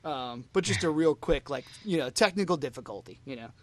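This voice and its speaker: A man with a slightly raised pitch chats loosely on a fan podcast. He rambles, circling back with constant "you know" and "like" fillers as he recalls an old concert. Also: lively intonation, fairly quick. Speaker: podcast co-host. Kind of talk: casual fan podcast chat.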